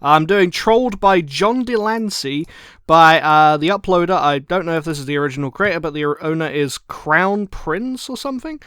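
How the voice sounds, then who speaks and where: A man hosting a blind reaction video, commenting casually, excitable and quick to laugh and swear. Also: on the high side, smooth, no room sound, studio quality. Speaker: reaction channel host.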